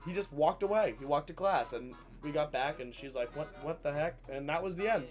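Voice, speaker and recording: A man telling a comedic story in a casual, animated way, swearing freely. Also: a little high, fairly quick, faint music behind.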